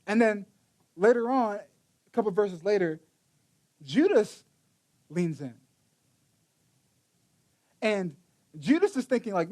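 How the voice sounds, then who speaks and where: A man's voice: high-pitched, lively intonation, normal speed, long pauses, darkish tone. A man preaching a sermon in a casual storytelling way, acting out the quotes with many restarts. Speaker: pastor.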